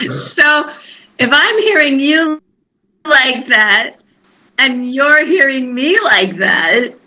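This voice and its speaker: A woman co-hosting a casual live stream over a video call, chatty and halting. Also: high voice, very animated, sharp tone, low-quality recording. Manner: chatty, halting, with fillers and laughs. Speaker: co-host.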